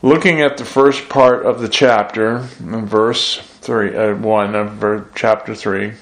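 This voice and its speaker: Slow gravelly male preacher. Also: lowish voice, steady tone. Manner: slow, measured delivery with gentle self-deprecating asides. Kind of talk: sermon with scripture reading.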